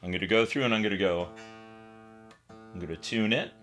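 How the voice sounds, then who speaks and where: A man's voice: lowish voice, brisk, a bit bright. An American man giving a casual, step-by-step guitar setup tutorial, chatting informally while he works on the instrument. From United States.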